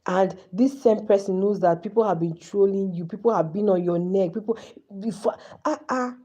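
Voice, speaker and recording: A woman's voice: mid-range voice, mellow, rough recording. Impassioned Nigerian woman hosting a live stream. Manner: impassioned, pleading.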